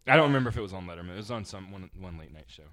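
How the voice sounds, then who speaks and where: A man's voice: sits low, expressive, racing, a bit bright. A man co-hosting a casual podcast, teasing his partner and retelling comedy bits with crude jokes. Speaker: podcast co-host.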